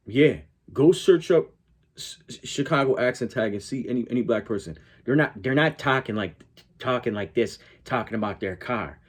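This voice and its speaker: A man hosting a reaction video, talking in a blunt, profane, argumentative way. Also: on the low side. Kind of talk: casual reaction commentary.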